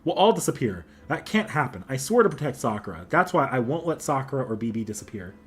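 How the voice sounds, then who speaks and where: A man reading the lines of a determined young game protagonist in his own steady voice. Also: medium pitch, fast talker, breathy edge.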